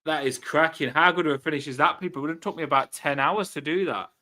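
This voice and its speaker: Chatty fan host, loud sign-offs. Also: male voice, on the high side, quick pace. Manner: chatty, swears freely, loud bursts when wrapping up. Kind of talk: casual post-match chat on a live stream.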